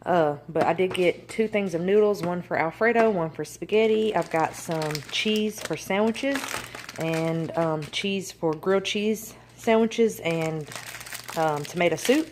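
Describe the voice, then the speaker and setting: Chatty mom rambling through a grocery haul. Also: female voice, lowish voice, measured pace, darkish tone. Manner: chatty, rambling with many ums and likes. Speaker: family vlogger. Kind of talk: casual grocery haul vlog. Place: home kitchen. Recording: noisy home recording.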